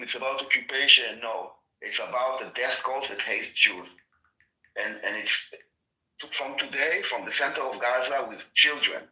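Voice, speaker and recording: Male podcast guest, earnest and halting, bright edgy tone, roomy echo. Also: medium pitch. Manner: earnest, halting with many restarts. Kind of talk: casual political discussion.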